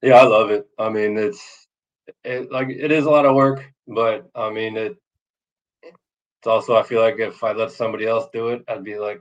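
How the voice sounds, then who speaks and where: A man's voice: medium pitch, steady tone, moderate pace. A laid-back man talking casually on a fan podcast, self-deprecating and swearing offhandedly. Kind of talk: casual banter. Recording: dull lo-fi audio.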